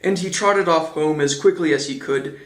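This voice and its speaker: A man's voice: fairly high pitch, normal speed. Man reading a storybook in an echoey room. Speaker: audiobook reader. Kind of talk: storybook narration. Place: indoor room, on camera. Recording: roomy echo.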